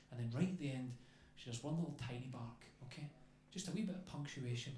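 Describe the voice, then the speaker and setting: A man's voice: mid-range voice, animated, quick pace, few pauses, darkish tone. A man doing a stand-up comedy routine on a club stage into a handheld mic, chatty, adding "okay?" after his lines. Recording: echoey club with faint ambience.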